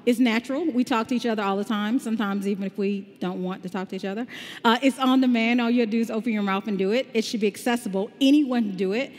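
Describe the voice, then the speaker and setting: A woman with a slight Southern US drawl presents at a tech conference, upbeat and chatty as she explains ideas step by step. Her voice sits a bit high, and it rings with the long reverb of a big hall. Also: fast talker, a little mellow. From Southern United States. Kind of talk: conference talk with live demo.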